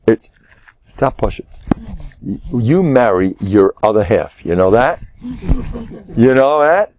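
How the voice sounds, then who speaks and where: An older man, teaching a class as a rabbi. His gravelly, fairly low voice swings widely as he acts out characters and laughs through his stories. The sound is dry and close. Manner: animated, acts out quotes in raised voices, laughs often. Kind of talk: lively storytelling lecture.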